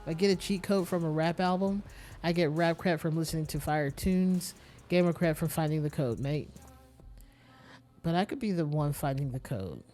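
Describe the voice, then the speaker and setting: A chummy young gamer lad, put on by a streamer reading game dialogue, pushy and loud. He leans on slang and calls the listener mate, with faint game music behind him. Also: medium pitch, moderate pace, lightly acted.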